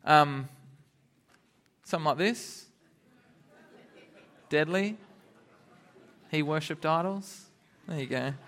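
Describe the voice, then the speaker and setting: A man giving a lively Bible lesson to children, laughing often and acting out the characters. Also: fairly high pitch, slow pace, pauses often. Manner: animated, laughing, acts out characters. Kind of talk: lively kids' sermon.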